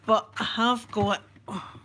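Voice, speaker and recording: A Scottish woman vlogger chatting casually with her viewers, talkative and quick to laugh at herself. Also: on the high side, steady tone, background noise. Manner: chatty, laughs often, self-mocking. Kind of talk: casual live-stream chat.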